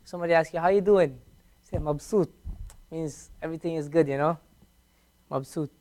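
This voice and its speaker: A man teaching a beginners' class in a classroom, patiently repeating each word slowly for his students. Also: fairly high pitch, dark tone. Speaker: Arabic teacher. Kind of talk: classroom language lesson.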